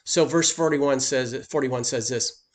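A man's voice: medium pitch, unhurried. A man preaching a sermon as pastor, speaking emphatically and lifting his voice on key points.

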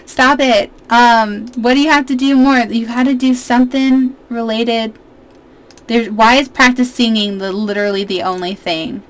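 A woman in her twenties giving casual, excitable let's-play commentary as a gaming YouTuber, chatting to her viewers. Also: fairly high pitch, moderate pace.

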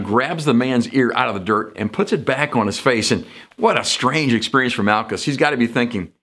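Guy pastor preaching sunday sermon, chatty, mid pitch, does little voices for the bible folks. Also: brisk, a bit bright. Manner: conversational, jumps into quoted voices for emphasis. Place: church sanctuary.

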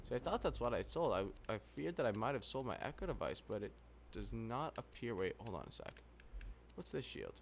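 A man giving casual, rambling let's play commentary with sarcastic, self-mocking jokes. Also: lowish voice. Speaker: gameplay commentator. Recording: noisy game audio behind.

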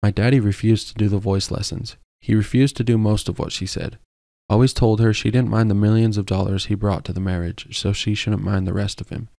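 A man voicing a bubbly young woman supermodel who talks in a bright, bouncy, teasing way. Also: lowish voice, fairly even intonation, fairly quick, creaky, dry recording, studio quality. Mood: earnest.

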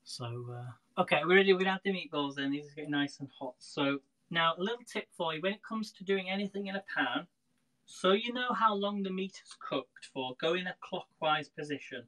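A man's voice: sits high, lively intonation, brisk, pushed and bright, low-quality recording. A man hosting a casual live cooking stream from his home kitchen, chatting straight to his viewers. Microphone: phone. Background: frying sizzle.

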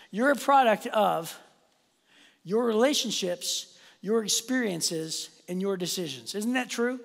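A man preaching a sermon as a pastor, telling a personal story in an animated, self-deprecating way and speaking straight to the congregation. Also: sits high, gravelly. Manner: animated, self-deprecating, addresses the audience directly. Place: church auditorium. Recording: long hall reverb.

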